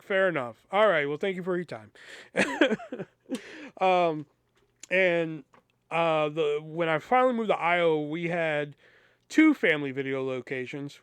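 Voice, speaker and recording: A man's voice: a little high, a bit bright, smooth, no echo. A man hosting a podcast, telling a casual, profanity-laced story and acting out both sides of the conversations. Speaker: podcast host.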